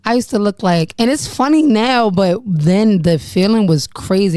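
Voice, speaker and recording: A woman's voice: medium pitch, moderate pace, hardly any pauses, mellow, no room sound, clean studio sound. A young woman hosting her own podcast, telling her personal story candidly and frankly, swearing and laughing about painful memories. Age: young adult. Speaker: podcast host.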